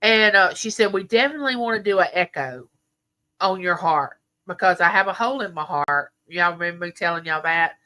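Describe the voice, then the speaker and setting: A woman's voice: fairly low pitch, a little fast, pushed and bright. A middle-aged woman, chatting with viewers on a livestream and telling stories full of quoted dialogue. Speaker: livestream host. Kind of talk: casual chat with viewers.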